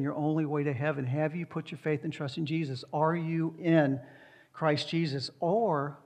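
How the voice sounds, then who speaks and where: Emphatic preacher with a higher voice. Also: male voice, a little mellow. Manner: emphatic, repeats rhetorical questions. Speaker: pastor. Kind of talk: sermon and prayer.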